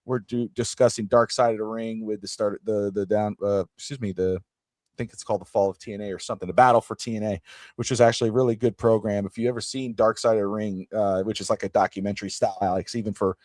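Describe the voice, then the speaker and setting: A man hosting a sports podcast in casual chat, rambling and animated as he drifts into side comments. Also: lowish voice, fast, no echo, studio quality. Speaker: podcast host.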